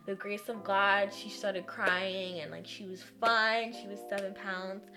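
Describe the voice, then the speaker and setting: A woman's voice: medium pitch, fairly even intonation, unhurried, over music. A young woman in her twenties, telling her birth story in casual chat and acting out the others' lines.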